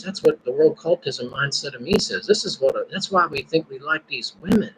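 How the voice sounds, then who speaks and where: A man's voice: a little high, normal speed, fairly bright tone, a little hiss or hum, poor audio. A man hosting a casual live stream, musing and praying aloud between his thoughts. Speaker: podcast host.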